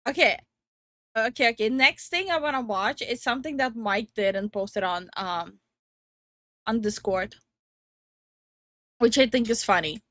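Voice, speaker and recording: Young woman streamer, giggly chat host, unhurried delivery. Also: a little high, a bit bright, dry recording, clean studio sound. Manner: giggly, greets chat viewers. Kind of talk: casual livestream chat. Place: home streaming room.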